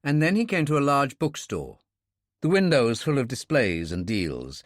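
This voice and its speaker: A man narrating a thriller audiobook in a steady, measured storytelling manner. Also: medium pitch, dry recording, studio quality. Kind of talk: scripted narration.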